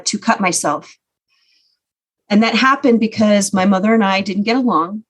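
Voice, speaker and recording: A woman guest telling her life story in an earnest, reflective way, often pausing with "you know". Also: medium pitch. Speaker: podcast guest. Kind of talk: personal storytelling.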